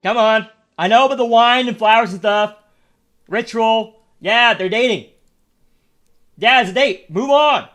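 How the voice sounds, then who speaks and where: A young man with a notably high voice streams a game and rants about it. He talks bluntly and swears a lot, and he repeats himself as he complains. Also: measured pace, pauses often, fairly bright tone. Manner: blunt, profane, repetitive ranting. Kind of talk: casual stream commentary.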